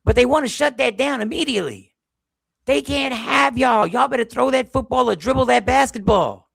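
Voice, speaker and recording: A man with a high, very gravelly voice hosts a live talk stream. He talks in a heated, emphatic way and often repeats himself. The sound is dry and close. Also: moderate pace, fairly bright tone, dry recording. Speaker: show host. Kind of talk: casual live-stream commentary.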